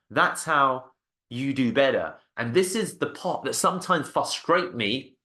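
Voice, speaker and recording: A man's voice: medium pitch, bright, forceful tone. Emphatic man giving a motivational talk. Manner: emphatic, repeats for stress, frequent "okay?". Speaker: agency founder.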